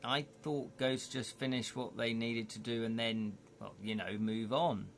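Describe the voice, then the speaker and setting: A man's voice: mid-range voice, fairly even intonation, unhurried, vocal fry, a little hiss or hum. A man voicing the young thief hero of a storybook adventure in a posh, polite voice. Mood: puzzled.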